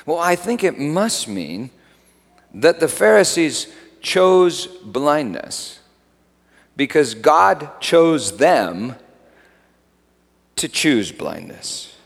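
Animated male preacher in a reverberant hall. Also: on the high side, extremely slow, long pauses. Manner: animated, swings from hushed to loud emphatic peaks. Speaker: pastor. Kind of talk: sermon.

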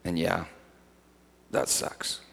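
A man preaching a sermon as pastor, swinging from hushed asides to loud emphatic peaks. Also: very slow. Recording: long hall reverb.

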